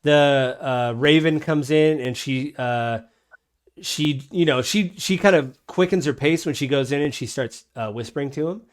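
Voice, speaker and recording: A man's voice: a little high, moderate pace. A man narrating a tabletop game as game master, rambling with many fillers.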